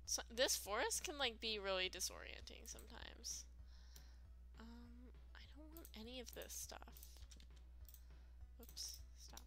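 A woman's voice: fairly high pitch, animated, measured pace, creaky, pauses often. A woman giving casual, rambling let's-play commentary, full of fillers and self-deprecating asides. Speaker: gaming video creator.

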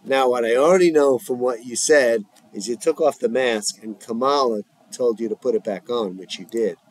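A man reading a calm probing male therapist. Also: medium pitch, lightly acted, rough recording. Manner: measured, questioning. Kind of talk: reading a script aloud.

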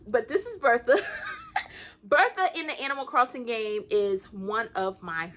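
A woman with a Southern US country accent chats with her audience in a folksy, encouraging way. Her voice sits a little high and rings bright and forward. She laughs easily as she talks. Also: animated, normal speed, slight background noise. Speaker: crochet vlogger. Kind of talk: casual chat to camera.

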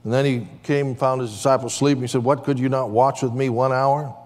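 A man's voice: medium pitch, steady tone, brisk. Preaching pastor, man, in a reverberant hall. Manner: preaching with call-and-response amens. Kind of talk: sermon. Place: church sanctuary. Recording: long church hall reverb.

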